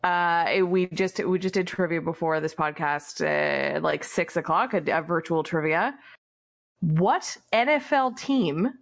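A woman's voice: fairly low pitch, measured pace, vocal fry. A woman co-hosting a podcast in casual chat, chatty and rambling as she asks trivia questions. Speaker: podcast co-host.

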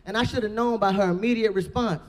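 Deep-voiced brash woman comic. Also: fairly even intonation, fast, darkish tone. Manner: brash, profane storytelling. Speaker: stand-up comedian. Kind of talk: stand-up comedy set.

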